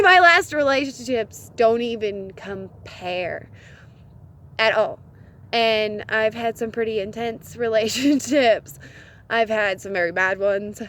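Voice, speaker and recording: A woman's voice: on the high side, slight background noise. A woman giving relationship advice in a casual vlog, earnest and laughing often between phrases. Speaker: vlogger.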